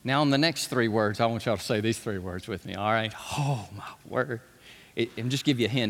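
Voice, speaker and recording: A man preaching a sermon to his congregation, swinging from hushed asides to shouts and asking them to speak along. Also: mid-range voice, moderate pace. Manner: animated, shifting from hushed to shouting, calls on the congregation. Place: church sanctuary. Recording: long hall reverb.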